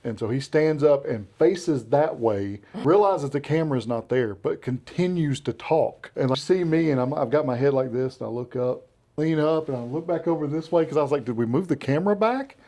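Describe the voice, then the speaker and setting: A man with a Southern American accent tells stories as a guest in a casual interview. His voice is mellow and dark-toned, and he acts out the lines of the people in his stories. The pitch sits mid-range for a man. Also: normal speed. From Southern United States. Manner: animated storyteller who acts out quotes. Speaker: interview guest, beard care brand founder.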